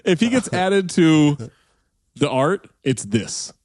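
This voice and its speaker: A man co-hosting a podcast, trading quick, laughing banter in casual comedic chat. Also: on the high side, very animated, darkish tone, no echo, studio quality. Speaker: podcast co-host.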